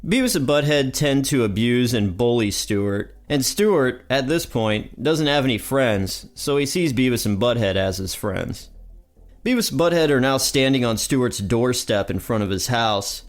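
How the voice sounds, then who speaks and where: A man hosting a podcast, his voice thick and stuffy from allergies. He recaps the episode in a chatty, upbeat storytelling manner, pitched in a plain middle range. Faint music plays under him. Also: expressive, normal speed. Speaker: podcast host.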